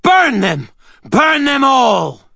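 Shrieking possessed woman, vicious and high, voiced by a male narrator. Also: sing-song, drawn-out words, vocal fry, bright, forceful tone, no echo, exaggerated voice. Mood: furious. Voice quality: hissing, shrieking. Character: vicious woman possessed by a demon, hissing and screeching.

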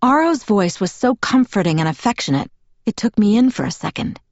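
A woman reading a novel aloud in first person as an audiobook narrator, in a measured, even storytelling manner. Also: medium pitch, no echo, muffled recording.

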